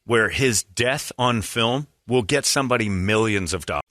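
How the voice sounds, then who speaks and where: A man's voice: lowish voice, expressive, moderate pace, bright, forceful tone, dry recording, clean studio sound. A man co-hosting a podcast in casual chat, giving blunt, opinionated rants. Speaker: podcast co-host.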